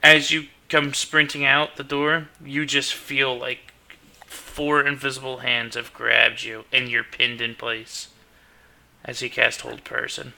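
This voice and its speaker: Male game master, slow and gravelly, bright edgy tone, relaxed narration. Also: medium pitch. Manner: unhurried narration with restarts and fillers.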